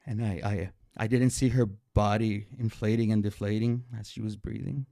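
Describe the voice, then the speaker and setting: A man telling a personal story live on stage, animated and emotional, often stammering and repeating his words. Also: on the low side, normal speed, gravelly, dry recording, studio quality.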